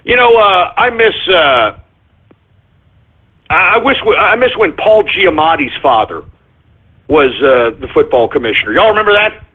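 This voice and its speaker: A man hosting a talk radio show, ranting loudly and profanely with indignant repetition. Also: high voice, animated, moderate pace, pauses often, breathy edge. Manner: loud, profane, indignant ranting with repeated catchphrases. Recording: phone-like lo-fi radio audio.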